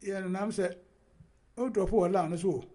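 A man hosting a casual football chat, animated and laughing often, talking over his co-host. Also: sits high, moderate pace.

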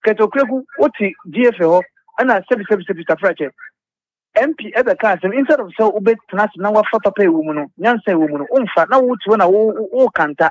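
A man's voice: high voice, animated, fairly quick, no room sound, dull audio. A man calling in to a radio sports show, airing a passionate, rambling complaint with many hesitations and restarts. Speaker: caller.

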